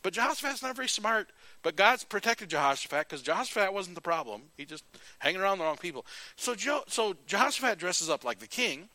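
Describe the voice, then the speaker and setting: A male preacher who retells scripture with animated, folksy asides, in a bright and forceful voice. The recording is close and dry, with almost no room sound. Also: high-pitched, brisk, no echo. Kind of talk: sermon.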